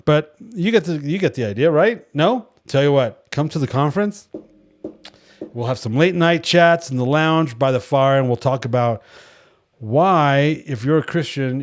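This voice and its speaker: Animated man leading a devotional study. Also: mid-range voice. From California. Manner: animated storyteller acting out quoted voices; wry, joking asides. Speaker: Bible study leader. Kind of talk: casual devotional teaching.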